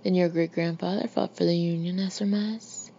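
A woman's voice: fairly low pitch, fairly even intonation, normal speed, gravelly, mellow. A woman voicing a tiny, elegant old Southern lady who speaks in a prim, courteous way, in a muffled lo-fi recording. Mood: genteel. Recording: muffled lo-fi recording with faint hiss.

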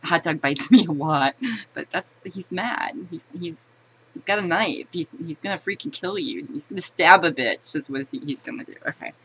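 A woman's voice: on the low side, moderate pace, fairly bright tone, slight background noise, rough recording. A woman chatting casually while unboxing a collectible, giggling and poking fun at herself. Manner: chatty, giggly, self-mocking.

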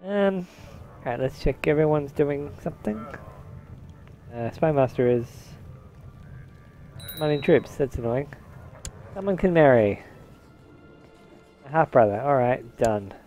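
A man's voice: medium pitch, expressive, unhurried, long pauses, mellow, faint music behind. A man giving casual gameplay commentary, musing to himself and half-distracted, now and then slipping into a mock posh put-on. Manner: dabbles in a mock posh old-English put-on. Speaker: game let's-player.

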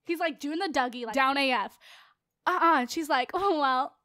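A teenage girl with a bright, high voice talks her way through a game session in a loose, chatty style. She jokes with her viewers and keeps up a playful running commentary. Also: a little fast, no echo, clean studio sound. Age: late teens. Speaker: let's play host. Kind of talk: casual gameplay commentary.

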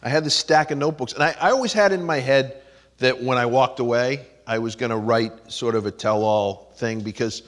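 A man's voice: medium pitch, brisk. Male comic guest, anecdotal and self-mocking, mid voice, reverberant room. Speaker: comedian guest. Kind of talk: storytelling interview.

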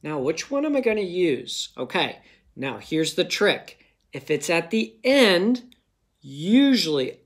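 A man's voice: fairly high pitch, big pitch swings, unhurried. A male teacher giving a phonics lesson to children, patiently sounding out words and checking in with "okay?" again and again.

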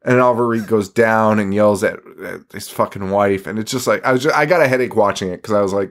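This man talks fast on the low side, with hardly any pauses. He co-hosts a podcast and casually recaps a film, his rambling summary packed with swearing, laughter, and mocking quotations.

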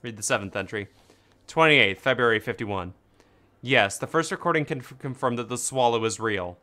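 A man's voice: mid-range voice, normal speed, sharp tone. A man playing a game with friends, reading on-screen text aloud with stumbles, laughter and swearing. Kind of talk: casual let's-play chat.

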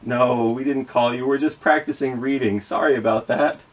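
A man's voice: medium pitch, steady tone, normal speed. A man leading a children's reading skit with puppets, patiently sounding out letters and words. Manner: gently apologetic with the puppets. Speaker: children's librarian.

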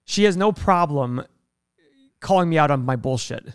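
A young man co-hosting a podcast, telling animated, fast stories in casual chat, laughing often and swearing freely. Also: fairly high pitch, clear, resonant tone, no echo. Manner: fast, animated storytelling, acting out quoted people. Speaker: podcast co-host, investor.

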